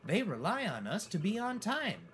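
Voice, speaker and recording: A man's voice: sits high, huge pitch swings, moderate pace, a bit bright, slight background noise, pitched above the performer's own voice, exaggerated voice. A man voicing a smug, boastful male bus in a storybook.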